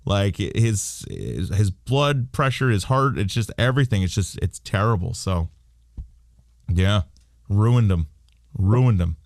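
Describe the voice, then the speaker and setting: Male podcast host, mid-pitch, wisecracking, dry close mic. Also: lively intonation, slow, gravelly, no echo. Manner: joking, irreverent, plugs the show. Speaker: interview host. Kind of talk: casual interview chat.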